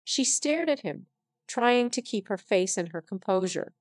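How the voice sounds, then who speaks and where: A synthetic-sounding woman narrating a story in an even, unhurried reading voice. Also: medium pitch, no room sound. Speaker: audiobook narrator. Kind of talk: scripted narration.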